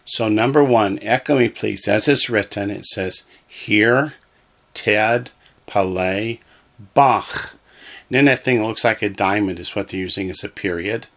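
Speaking at a measured pace in a lowish, slightly bright voice, a man teaches Hebrew in a slow, deliberate lesson. Each word comes out twice, patiently, giving listeners room to repeat after him.

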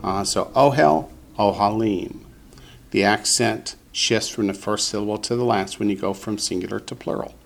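A man teaching a Hebrew vocabulary lesson to a class, patient and slow, repeating each word for the students. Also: on the low side, fairly even intonation, vocal fry, fairly bright tone.

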